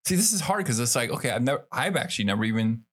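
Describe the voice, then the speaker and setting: A man's voice: mid-range voice, big pitch swings, racing, a bit bright, slightly rough. A man hosting a podcast in casual chat, swearing freely with lots of fillers. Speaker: podcast host.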